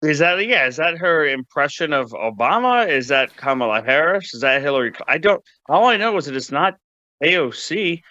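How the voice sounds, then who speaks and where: A man gives wry political commentary, stumbling into restarts as he goes. His voice is bright and crisp, with a dry and slightly dull sound. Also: a little high, lively intonation, normal speed, dry recording.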